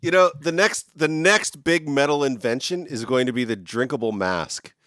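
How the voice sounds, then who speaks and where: A man hosting a casual podcast, joking and animated as he talks with his guests. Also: medium pitch, no echo, clean studio sound. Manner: joking, animated, quick to laugh. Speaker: podcast host.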